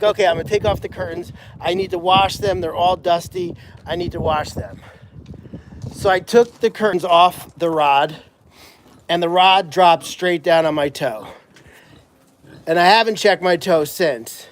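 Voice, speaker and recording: A man with a notably high voice talks loosely and at length, circling back with restarts and fillers as he goes. There is a faint hiss of noise under his voice. He sounds like an animal sanctuary owner chatting live from the farm. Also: moderate pace. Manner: rambling, frequent restarts and "you know" fillers. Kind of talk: casual rambling live-stream chat.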